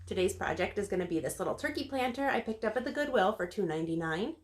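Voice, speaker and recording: A woman's voice: medium pitch, lively intonation, fast. Woman hosting a DIY craft video. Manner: friendly, step-by-step instructional. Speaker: DIY channel host. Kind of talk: casual how-to narration.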